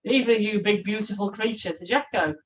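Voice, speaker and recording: A bubbly woman chats casually on a live stream, calling out viewers by name and laughing along. Her voice sits at an everyday middle pitch. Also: a little fast, far from the mic, poor audio. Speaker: co-host of a live chat stream. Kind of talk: casual chat.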